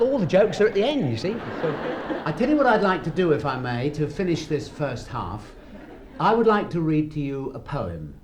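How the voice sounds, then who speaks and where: Middle-aged male actor, chatty storytelling on stage, stage mic, echoey hall. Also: on the high side. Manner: chatty, storytelling, with asides and chuckles. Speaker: actor telling stories on stage. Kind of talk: anecdotal stage talk and poem reading. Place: hall with a live audience. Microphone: stage microphone. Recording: echoey hall, faint noise.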